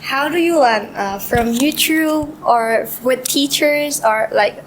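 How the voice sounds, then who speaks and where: A woman in an English speaking club, asking a question in halting speech and searching for her words. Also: sits high. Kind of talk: question from the audience. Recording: echoey room with faint noise.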